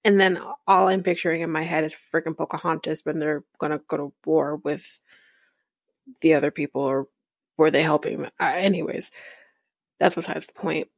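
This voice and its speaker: Woman podcast host, gravelly fry, dry close sound, casual rambling recap. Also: low-pitched, fairly even intonation, moderate pace, no echo. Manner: chatty and rambling, with fillers and soft laughs. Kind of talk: casual reality-show recap.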